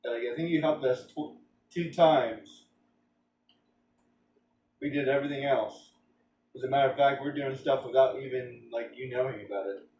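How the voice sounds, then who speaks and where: A man's voice: mid-range voice, moderate pace, long pauses, darkish tone, far from the mic. A man chatting casually while streaming a game, rambling with lots of filler words and joking. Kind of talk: casual gameplay stream chat. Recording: roomy sound, off-mic, faint background hum.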